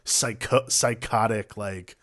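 A man co-hosting a casual film discussion podcast, talking in an animated way, swearing freely and acting out lines he quotes. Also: fairly low pitch, slow. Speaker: podcast co-host.

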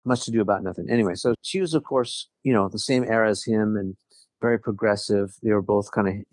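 A middle-aged man recounts a personal story in relaxed conversation. His voice sits on the lower side, and he talks earnestly, often restarting mid-sentence. The sound is dry and close. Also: quick pace, dry recording. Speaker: guest. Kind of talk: casual conversation.

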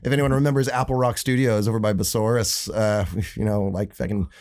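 A man, a musician guest in a casual chat, rambling and halting as he tells stories. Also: fairly low pitch, steady tone, darkish tone.

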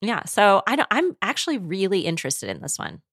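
A woman's voice: medium pitch, sing-song, fairly quick, slightly rough, no room sound, studio quality. A woman co-hosting a casual book chat, enthusiastic and conversational. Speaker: podcast co-host.

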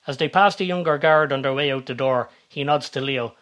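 A man reading a comedic story aloud in a steady, even tone. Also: medium pitch, brisk. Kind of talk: scripted story narration.

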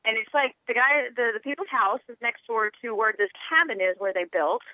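Southern lady from tennessee calling in, chatty, tinny phone line, kinda high voice. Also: fairly quick, no echo. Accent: Southern American. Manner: chatty, laughs easily, animated quoting. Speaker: caller. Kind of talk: casual phone-in storytelling.

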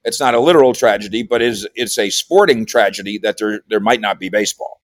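A man with a lowish voice, a sports columnist and podcaster, talks briskly as a regular radio guest. He rambles, repeats words, and gets animated when quoting, all in clean studio sound with no room noise.

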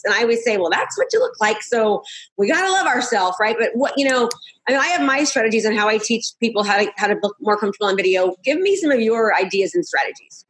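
Woman, 40s, fairly high voice, hyper, upbeat, interview host. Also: lively intonation, a little fast, fairly bright tone. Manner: hyper, upbeat, jumps between topics. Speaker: host, real estate coach. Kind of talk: casual interview chat.

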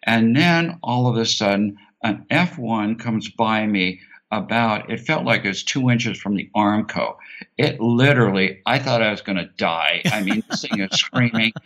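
A man telling a long personal anecdote as an interview guest, animated and acting out the voices of the people in it. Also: on the low side, normal speed. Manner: animated, acts out quoted voices. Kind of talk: anecdotal storytelling. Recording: dull lo-fi sound.

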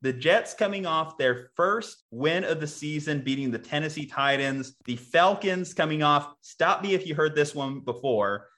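A man's voice: a little high, animated, normal speed, few pauses, a bit bright. Man breaking down game picks. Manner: analytical, making picks. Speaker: podcast co-host. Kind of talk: casual sports chat.

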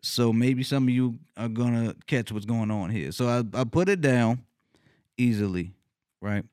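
A man's voice: a little slow, clean tone, no echo. Man, profane casual storyteller, laughs a lot mid-sentence, dry close sound. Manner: animated, jumps high in pitch when retelling his reactions.

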